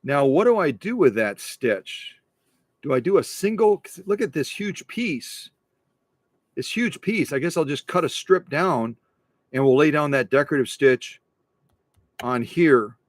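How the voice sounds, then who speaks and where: Guy in his workshop rambling through a sewing demo, kinda high voice, bouncy mock rants. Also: measured pace, dry recording. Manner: animated, repeats phrases, mock rants. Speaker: sewing machine restorer. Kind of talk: casual workshop commentary.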